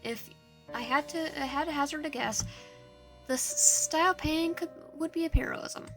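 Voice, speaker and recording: A woman's voice: sits high, normal speed, fairly bright tone, faint music behind. A woman streamer reading a visual novel aloud, narration and player lines, often stumbling and restarting. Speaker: game streamer.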